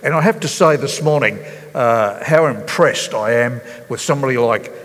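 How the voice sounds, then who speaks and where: A man preaching a sermon as pastor, earnest and halting, with many fillers and restarts. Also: medium pitch, a bit bright, long reverb tail. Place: church hall.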